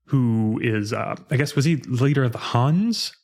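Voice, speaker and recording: A man's voice: medium pitch, lively intonation, unhurried, darkish tone. A man co-hosting a podcast, chatting casually about a game he played and acting out quoted lines with laughs. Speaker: podcast co-host. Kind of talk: casual chat recapping a game.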